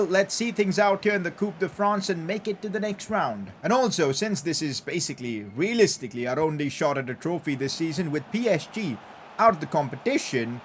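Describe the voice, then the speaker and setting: A young man giving live commentary over his football video game session, excitable and breaking into loud cheers at the goals. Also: on the high side, a little hiss or hum. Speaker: gaming YouTuber.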